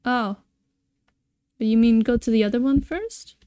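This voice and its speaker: A woman's voice: a little high, measured pace, dark tone, clear, resonant tone, dry recording, studio quality. A woman streamer chatting casually with viewers while she plays, laughing often. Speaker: gaming streamer. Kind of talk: casual live-stream gameplay chat.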